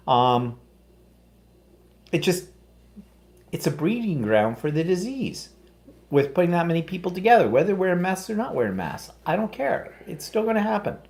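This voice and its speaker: Canadian man, livestream co-host, blunt, opinionated, animated ranting. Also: high-pitched. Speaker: co-host reading viewer comments. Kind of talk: casual livestream chat.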